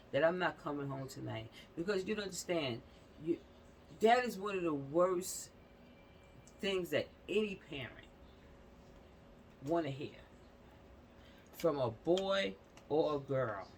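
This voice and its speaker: On a rough, low-quality recording with a faint hiss or hum, a channel host talks through her casual commentary vlog in a deep, unhurried voice broken by long pauses. She's blunt and emphatic, using mild profanity, repeating points, and tossing in "you know what I'm saying".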